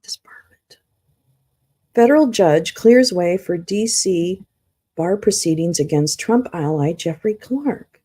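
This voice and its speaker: Mellow, slow-talking woman livestreamer. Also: fairly low pitch, expressive, breathy edge. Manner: rambling, swears, hums and sings to herself while searching; flustered and confused, talks to chat. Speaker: livestream host. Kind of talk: casual livestream chat.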